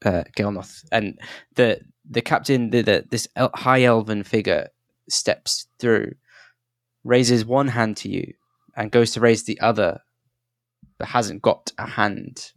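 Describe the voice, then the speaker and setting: A man's voice: on the low side, slow, no echo, clean studio sound. A man narrating a tabletop game as game master, descriptive and full of restarts. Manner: descriptive, hesitant, many restarts.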